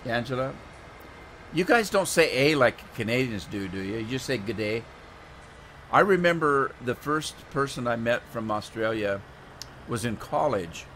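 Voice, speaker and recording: A man's voice: medium pitch, a bit bright, a little hiss or hum. A middle-aged man from the United States, a live streamer chatting with viewers by name as he plays a farming game, rambling and easygoing. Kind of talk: casual chat while playing a farming game.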